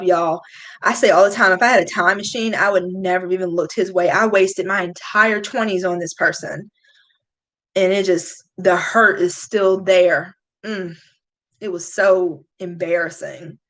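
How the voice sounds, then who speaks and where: A woman's voice: mid-range voice, animated, slow, pauses often, a bit bright. A woman, confiding in casual chat, emotional, sighing often. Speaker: beauty vlogger. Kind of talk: casual chat reading live comments.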